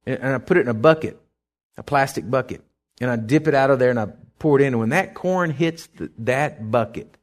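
A man's voice: medium pitch, fairly quick. A middle-aged male pastor preaching a sermon in a folksy, conversational way, with asides and questions to the congregation.

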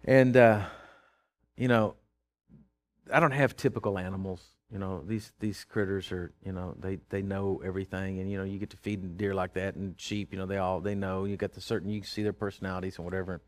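A man's voice: low voice, little pitch movement, fairly quick. A man telling a casual spoken anecdote, rambling with lots of "you know" and restarts, and acting out voices in the story.

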